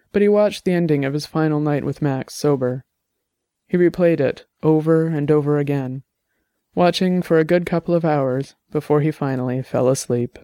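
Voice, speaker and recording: A man narrating an audiobook in a measured, even storytelling manner. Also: a little high, clear, resonant tone, no room sound, studio quality. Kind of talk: scripted narration.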